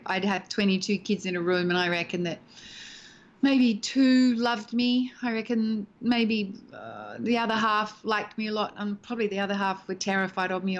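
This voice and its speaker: An older actress in her sixties talks through her approach to acting in an expressive, animated way, slipping into bits of performance as she explains. She speaks as an interview guest over a video call from home. Her voice sits at an ordinary pitch for a woman.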